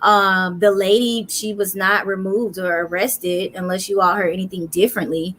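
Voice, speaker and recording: A woman co-hosting a casual news podcast, retelling an incident in an animated, drawn-out way. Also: mid-range voice. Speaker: podcast co-host. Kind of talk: casual chat.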